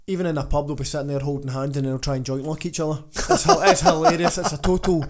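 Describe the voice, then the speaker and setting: A man's voice: on the high side, big pitch swings, fast. A Scottish man co-hosting a podcast, telling stories in casual chat and laughing his way through them. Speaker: podcast co-host, gym owner.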